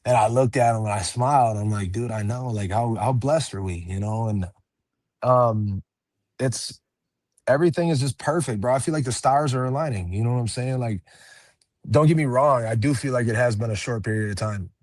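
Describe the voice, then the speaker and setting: A man's voice: medium pitch, moderate pace, darkish tone, no echo, clean studio sound. A young man who fights professionally, chatting casually in an interview, laid-back, swearing freely and laughing often. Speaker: MMA fighter, interview guest.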